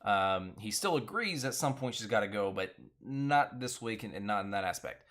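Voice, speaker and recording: A man's voice: lowish voice, expressive, moderate pace, a bit bright. A man hosting a casual live-stream recap, rambling with lots of fillers and restarts and laughing often. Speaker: show recap host.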